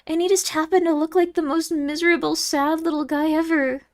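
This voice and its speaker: A woman's voice: very high voice, fairly even intonation, fairly quick. A young woman streaming and chatting casually with viewers, giggly and easily moved, with lots of fillers.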